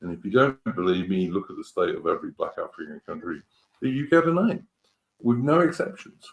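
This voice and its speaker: A man's voice: sits low, sing-song, a little fast, gravelly. A man hosting a casual political talk show, rambling and emphatic, with rhetorical questions. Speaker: host.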